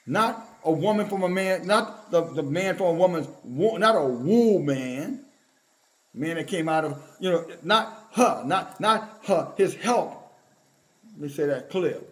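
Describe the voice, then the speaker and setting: A man with a notably high voice delivers a scolding online sermon. He talks in an emphatic, confrontational way and stops to read scripture aloud. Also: expressive, measured pace. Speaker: preacher.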